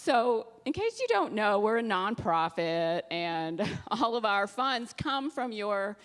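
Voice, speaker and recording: A woman's voice: medium pitch, sing-song, slow. A woman minister making casual, chatty announcements to her congregation, laughing easily. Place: church sanctuary.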